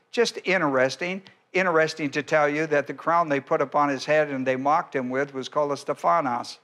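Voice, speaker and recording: A male pastor giving a verse-by-verse sermon, speaking deliberately, with frequent restarts and an occasional clearing of the throat. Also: on the high side, fairly bright tone.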